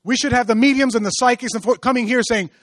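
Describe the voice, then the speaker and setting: A male pastor preaching a sermon, moving from hushed storytelling to loud, rising exhortation. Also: very high-pitched, quick pace, no room sound.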